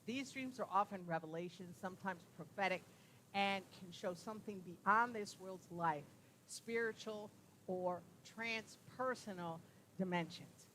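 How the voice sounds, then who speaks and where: A woman's voice: mid-range voice, measured pace, fairly bright tone, slight background noise, rough recording. A woman giving a live talk on dreams to a room audience, speaking conversationally, sharing personal stories and checking in with tag questions.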